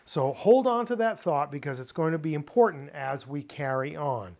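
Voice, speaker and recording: A middle-aged man teaching a Bible word-study lesson, explaining deliberately and repeating key points for emphasis. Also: fairly high pitch, expressive, darkish tone. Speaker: Greek teacher.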